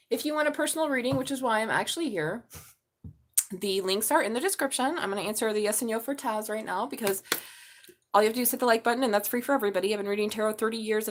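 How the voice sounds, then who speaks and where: A middle-aged woman reading tarot on a casual live stream, blunt and chatty, swearing freely. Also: on the high side. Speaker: tarot reader.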